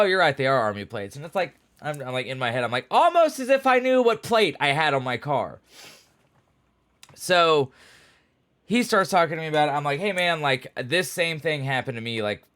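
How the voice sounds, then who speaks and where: A man chatting at home to his camera, spinning a long story casually. He rambles and leans on fillers, with a wry, exasperated edge. His pitch sits in the ordinary middle range. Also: a bit bright. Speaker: vlogger. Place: at home with pets.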